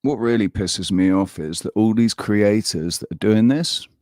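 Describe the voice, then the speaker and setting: A man hosting a live stream, ranting in a heated, halting way and swearing often. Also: on the low side, a little mellow, dry recording, studio quality. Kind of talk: casual live-stream chat.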